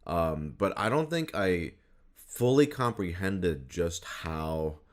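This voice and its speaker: Podcast host, male, very low voice, relaxed rambling chat. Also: slow. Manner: relaxed, rambling, laughs often. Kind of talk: casual interview chat.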